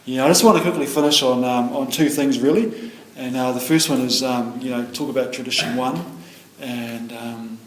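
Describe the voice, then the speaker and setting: A middle-aged man speaks at a recovery meeting in a rambling, heartfelt way, circling back with "you know." His voice sits at an ordinary middle pitch. It bounces around an echoey meeting room, with a faint hum of ambience behind it. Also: steady tone, moderate pace, few pauses. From New Zealand. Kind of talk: personal share at a recovery meeting.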